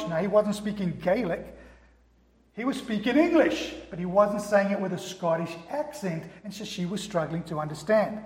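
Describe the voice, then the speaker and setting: A man's voice: high-pitched, normal speed, darkish tone. A man from Africa, preaching a conversational sermon full of rhetorical questions. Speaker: pastor. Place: church hall. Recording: echoey hall.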